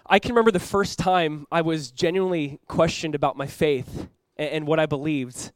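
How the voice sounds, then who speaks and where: A young adult male pastor from Southern California preaching a sermon, telling a story in a quick, animated way and acting out the voices he quotes. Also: a little high, dry recording.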